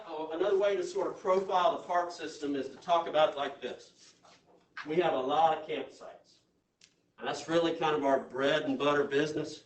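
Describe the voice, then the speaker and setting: A man giving a jokey, folksy orientation presentation to a room of new staff, checking in with the audience as he goes. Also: a little high. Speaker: state parks presenter. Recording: echoey room, voice from far off.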